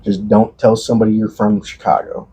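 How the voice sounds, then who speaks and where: A man in his late twenties from the Quad Cities area of Illinois, a podcast co-host chatting casually and telling stories in a halting way, leaning on "I'm like" and acting out quoted dialogue. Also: on the low side, little pitch movement, dark tone, breathy edge. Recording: dull lo-fi podcast audio.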